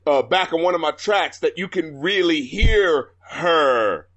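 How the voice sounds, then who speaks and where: A man's voice: a little high, expressive, unhurried, fairly bright tone, highs cut off. A man co-hosting a casual album review podcast, laughing often and mocking the lyrics he quotes. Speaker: podcast co-host.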